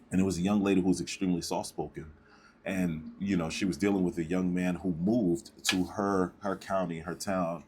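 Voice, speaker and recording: A man's voice: sits low, a little mellow, husky. A man giving casual, lecturing commentary on a debate clip, often asking "right?" between points. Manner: lecturing, preachy, repeats "right?".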